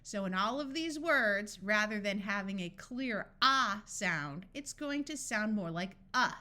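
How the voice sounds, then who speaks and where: Female phonics tutor: slow, measured delivery, bright tone, precise enunciation for young readers. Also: mid-range voice, animated. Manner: slow, deliberate enunciation of sounds and words. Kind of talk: scripted phonics lesson.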